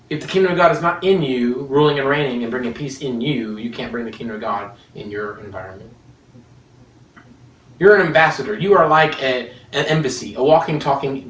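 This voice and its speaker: A man preaching a sermon in an animated, joking way, laughing often as he teaches. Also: medium pitch. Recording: echoey room, mic at a distance.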